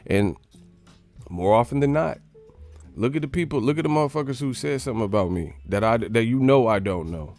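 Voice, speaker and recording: A man's voice: mid-range voice, vocal fry, a little mellow. A man hosting a boxing channel live stream, ranting in casual, profane, mocking chat.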